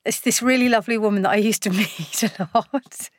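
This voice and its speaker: A middle-aged woman chatting casually as a guest, animated and laughing, acting out quoted lines. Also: mid-range voice, fairly quick, dry recording, clean studio sound. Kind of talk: casual chat.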